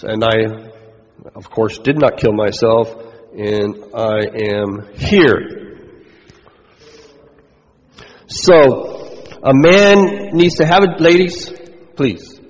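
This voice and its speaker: A man's voice: medium pitch, very slow, long pauses. A man preaching a sermon as pastor, chatting with the congregation and throwing questions back at them. His voice sits in a middle register. The recording is muffled and carries a long hall echo.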